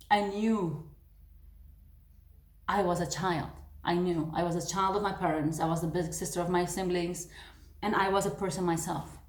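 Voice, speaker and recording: A woman's voice: fairly low pitch, a little mellow, reverberant. A woman earnestly telling a personal memory to the camera in a vlog. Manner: earnest, emotional retelling of a memory. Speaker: video creator.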